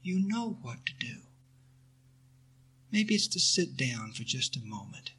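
A man's voice: mid-range voice, sing-song, a little slow, sharp tone, slightly rough. A man giving an earnest spiritual talk, answering a question and leading his listeners in repeated affirmations. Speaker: spiritual teacher.

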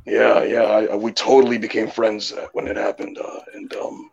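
Guy doing a grumpy old wrestler bit, husky low voice, rambles and stalls. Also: flat delivery, a little mellow, lo-fi sound. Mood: blunt. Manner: rambling, halting, full of uh and um. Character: gruff retired male wrestler, blunt and grudge-holding. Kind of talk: comic impression on a podcast.

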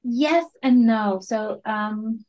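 A woman product management coach, a guest on a podcast interview, explains ideas step by step with fillers and restarts, laughs often as she talks, and sometimes searches for English words. Her voice is a little high and darkish, with drawn-out words, on a low-quality recording.

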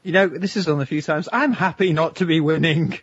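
A man's voice: a little high, a little fast, slightly rough, no room sound. A man in a casual quiz panel, joking with a giggly manner. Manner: giggly and jokey. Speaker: quiz team captain. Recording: muffled lo-fi recording.

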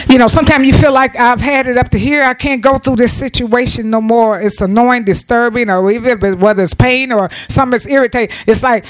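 A woman's voice: on the high side, poor audio. Woman preaching, lots of amens and restarts, loose everyday talk. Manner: preaching with repeated "Amen" and calls to the congregation; informal vernacular speech with frequent restarts. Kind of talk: sermon.

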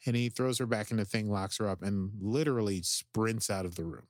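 A man co-hosting a podcast, recapping an episode in excitable, rambling casual chat full of "like". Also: fairly low pitch, a little fast, no echo, studio quality. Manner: excitable, rambling, heavy use of "like". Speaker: podcast co-host.

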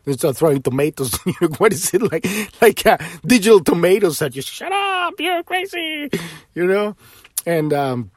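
A man with a somewhat high voice delivers a casual podcast monologue. He rambles with fervor, stumbling over restarts and swearing when he gets heated. The sound is dry, with no room echo. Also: expressive, fairly quick, darkish tone. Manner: rambling and impassioned, with frequent restarts; swears freely when worked up. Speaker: podcast host.

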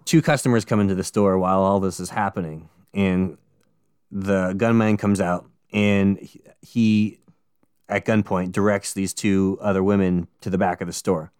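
A podcast co-host with a low, smooth, resonant voice relaxes into a true-crime case at a moderate pace, tossing in jokey, sweary asides. The recording is close-miked and dry.

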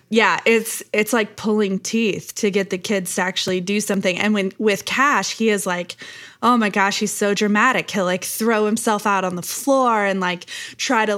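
A woman's voice: mid-range voice, fairly bright tone. A woman in her thirties, a pastor who hosts a podcast, chatting casually and laughing often with playful asides. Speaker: podcast host.

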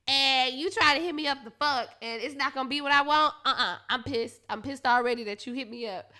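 A woman's voice: high voice, fairly quick, hardly any pauses, sharp tone. A slightly tipsy woman telling blunt, profane stories at home, laughing often. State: a little tipsy. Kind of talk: casual confessional storytelling. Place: alone at home.

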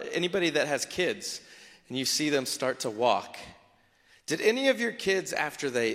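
A man, a pastor, preaching a sermon in a conversational, animated way with acted asides. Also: a little high, big-room sound.

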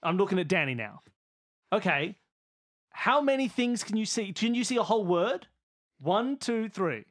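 A man playing a tabletop game guesses aloud at charades clues. His pitch swings widely, and he flips between muttering and loud, exasperated commands. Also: sing-song, normal speed. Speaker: player.

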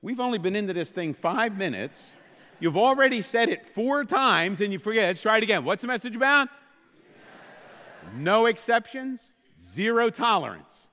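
A man preaching a sermon, playful and lively, leading the congregation in call-and-response. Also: high voice, a little fast, long reverb tail. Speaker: pastor.

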